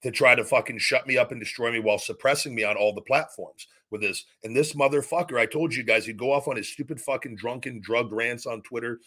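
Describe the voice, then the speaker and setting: A man's voice: mid-range voice, fast talker, hardly any pauses, sharp tone. A man hosting a podcast, ranting in anger with heavy swearing and repeated phrases. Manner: angry, profane, repetitive rant. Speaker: podcast host. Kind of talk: heated podcast rant.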